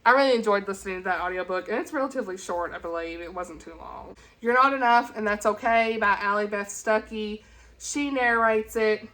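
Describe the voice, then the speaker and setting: A woman's voice: mid-range voice, brisk, a bit bright. Chatty woman vlogging about books. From Tennessee, USA. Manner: chatty and rambling, with gushing enthusiasm. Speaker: book vlogger. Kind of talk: casual chat.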